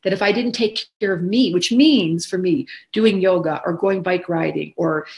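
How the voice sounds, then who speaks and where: A woman in her sixties, an astrologer and teacher, giving a casual talk to viewers in an expressive, rambling way, acting out the voices she quotes. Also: fairly low pitch, normal speed. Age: 60s.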